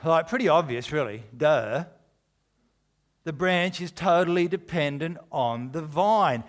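Jokey, emphatic pastor, higher voice. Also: male voice, lively intonation, a little slow. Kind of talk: sermon.

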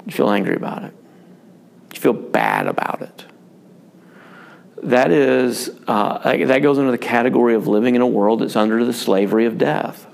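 A male pastor with a gravelly voice talks about family life in a casual, unscripted way. He rambles frankly, is quick to poke fun at himself, and often restarts his sentences. His pitch sits in the usual middle range for a man. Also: a little mellow. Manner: rambling, frank, self-deprecating, many fillers and restarts. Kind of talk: casual pastoral chat on parenting.

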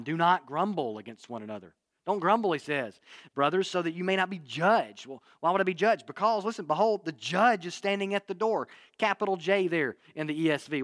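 Male pastor preaching, kinda high voice, earnest, repeats stuff, dry close sound. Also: fairly bright tone, no echo. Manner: earnest, repeats key phrases, drops low for emphasis. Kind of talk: sermon.

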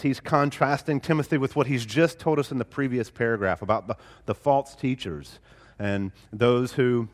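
A man's voice: medium pitch, long reverb tail. A male pastor preaching a sermon, emphatic and building on repeated phrases.

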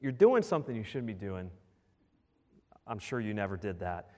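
A male pastor preaching a sermon in a church, animated and full of rhetorical questions to the congregation. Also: fairly low pitch, moderate pace. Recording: long reverb of a large hall.

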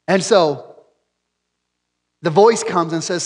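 A man's voice: high-pitched, a little slow, pauses often. A man preaching a sermon in an earnest way, repeating key phrases for emphasis. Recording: long hall reverb.

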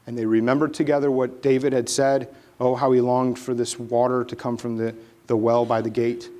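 A man's voice: medium pitch, normal speed. A man preaching a sermon, dramatically retelling a Bible story and acting out the characters as he goes. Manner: animated, dramatic retelling with acted voices.

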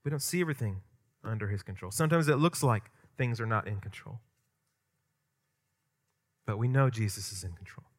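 A man preaching a sermon as pastor, emphatic and conversational, swinging from loud stressed points to quiet asides. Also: lowish voice, a little fast, long pauses. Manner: conversational with asides and light humor.

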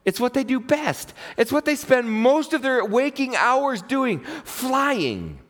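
A man's voice: very high-pitched, sing-song, slow, fairly bright tone. An older man, a chaplain, preaching a sermon through a folksy personal story with acted-out dialogue.

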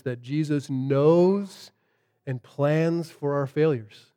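A man preaching a sermon as a pastor, shifting from lively storytelling to hushed, earnest emphasis. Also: on the high side, slow pace, clear, resonant tone.

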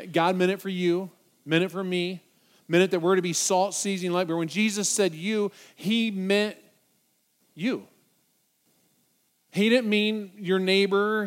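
Male preacher, high voice, emphatic sermon delivery with rising urgency. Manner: emphatic, builds to loud urgent repetitions.

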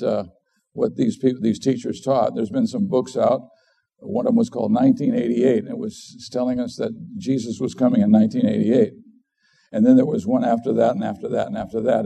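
Dark-voiced man preaching a sermon. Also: mid-range voice, creaky, slightly rough. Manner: earnest, conversational preaching with frequent restarts. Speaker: pastor.

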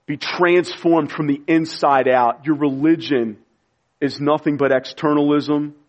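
A man preaching a sermon to a congregation, impassioned and pleading, sometimes dropping to a hushed voice. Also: a little high, fairly even intonation, a little slow, highs cut off. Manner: impassioned, pleading preaching with sudden quiet drops. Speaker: pastor.

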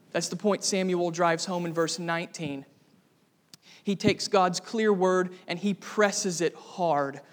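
Male pastor, higher voice, earnest sermon delivery that swells into fervor, hall reverb. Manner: earnest preaching, rising to fervent emphasis.

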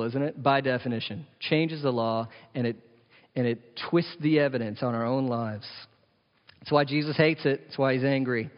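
A male pastor preaching an emphatic sermon, full of rhetorical questions and playful asides. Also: fairly high pitch. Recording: echoey hall, dull lo-fi sound.

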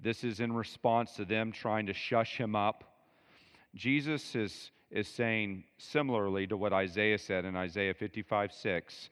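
Pastor, male, lowish voice, chatty and emphatic teacher, reverberant church hall. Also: steady tone, measured pace, a bit bright, clear, resonant tone. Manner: conversational, emphatic, with asides to the congregation. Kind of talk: expository sermon.

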